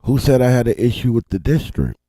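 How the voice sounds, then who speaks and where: A man's voice: mid-range voice, sing-song, a little fast, mellow, no room sound, clean studio sound. A man with a California accent hosting a livestream, talking in a laid-back, slangy way. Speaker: livestream host. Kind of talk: casual live commentary. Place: Washington State.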